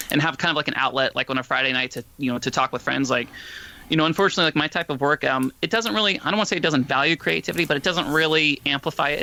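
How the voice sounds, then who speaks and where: A young man in his late twenties with a bright, forceful voice, rambling through a heartfelt goodbye on a podcast. He talks casually and keeps circling back with fillers, plainly emotional. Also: fairly high pitch. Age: 20s. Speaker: departing co-host.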